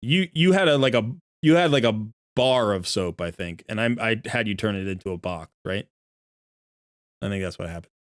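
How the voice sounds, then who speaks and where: A fairly low-pitched middle-aged man talks at a moderate pace into a desk microphone, the sound studio quality with no echo. Hosting a relaxed live stream from his home desk, he rambles on, teases himself, and laughs frequently.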